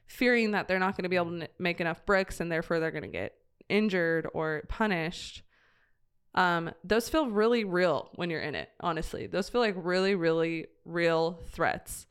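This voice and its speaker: A woman's voice: lowish voice, normal speed, clean tone. A woman earnestly sharing a heartfelt personal story in conversation, with many fillers and restarts. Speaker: guest sharing a mission trip story. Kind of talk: reflective personal testimony in conversation.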